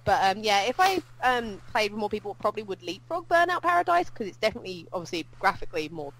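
A woman co-hosting a podcast, chatting casually and rambling about games with quick asides. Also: medium pitch, big pitch swings, fairly bright tone, rough recording. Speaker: podcast co-host. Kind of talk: casual gaming chat.

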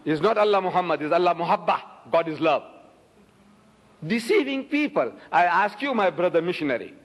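In a reverberant lecture hall, an older South African man delivers an emphatic public lecture, posing rhetorical questions and holding up items for the audience. His voice is high-pitched and a bit bright.

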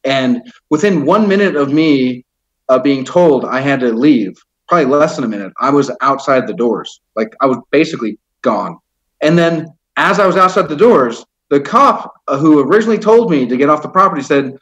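A man's voice: mid-range voice, lively intonation, brisk, fairly bright tone, low-quality recording. Fired-up man telling a rambling story. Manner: heated, profane, rambling with many fillers. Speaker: interview guest. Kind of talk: casual storytelling.

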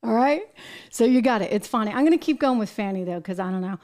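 An American woman with a slightly high voice hosts a commentary show. She talks emphatically and with animation, throwing in exasperated asides. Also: expressive, fast talker, warm tone. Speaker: show host. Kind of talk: political commentary.

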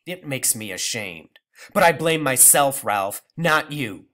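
A man reading aloud and voicing a bitter, scolding elderly grandmother with a sharp, indignant, raised voice. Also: medium pitch, expressive, slow. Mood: scornful.

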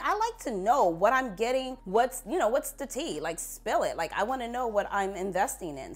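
A woman vlogger chatting casually to camera, sassy and playful, laughing at herself as she talks. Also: medium pitch. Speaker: beauty vlogger.

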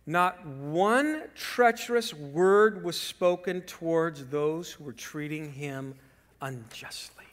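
A man preaching a sermon as pastor, swinging from loud emphasis to hushed whispers and telling lively stories with rhetorical questions. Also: fairly high pitch, slow pace, hardly any pauses, in a large hall. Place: church sanctuary.

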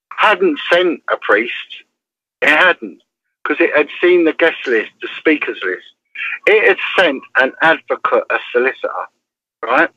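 A man's voice: a little high, sharp tone, no room sound, muffled recording. An English man, a former police detective, telling a story as an interview guest in an emphatic way, often checking in with "right?".

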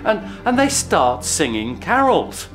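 A historian telling the story in an animated, chuckling way in a documentary interview. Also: male voice, sits high, takes it slowly, music in the background.

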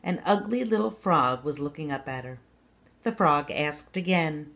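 Lady reading a kids' fairy tale, lowish voice, calm and measured. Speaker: storyteller. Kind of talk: children's read-aloud.

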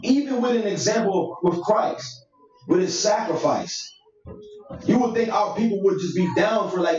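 A man's voice: sits high, lively intonation, normal speed, a little mellow, soft background music. A man leading a Bible study, preaching emphatically in a conversational way with street slang. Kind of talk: sermon-style Bible teaching. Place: church meeting room. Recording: echoey room, distant mic, dull sound.

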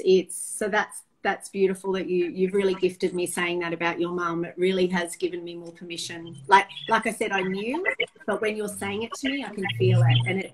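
A woman's voice: lowish voice, steady tone, moderate pace, rough recording. Candid middle-aged woman. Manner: emotional, candid, with frequent restarts. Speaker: guest. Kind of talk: open personal storytelling.

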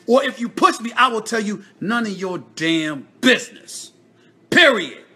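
Male sports commentator at home. Loud, emphatic and theatrical, with a bright, forceful tone. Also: high voice, lively intonation, unhurried, slightly rough. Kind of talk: casual rant.

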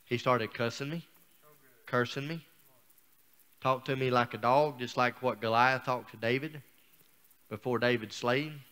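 A man's voice: medium pitch, steady tone, unhurried, pauses often, fairly bright tone, smooth. A man speaking as a guest preacher, telling a personal story in a folksy, down-home sermon style.

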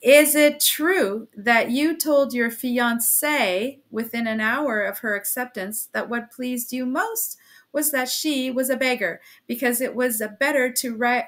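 A woman's voice: a little high, pitched above the performer's own voice, close to an everyday voice. A woman reading as a feverish, furious young man. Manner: sharp, cutting, raised.

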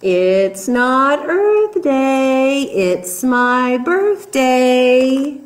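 A silly, boastful young monkey from a picture book, lifting into a high, proud singsong and drawing his words out very slowly, as a woman reading aloud puts him on. He sounds cheeky and sure of himself, and his pitch bounces all over. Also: huge pitch swings, heavily acted.

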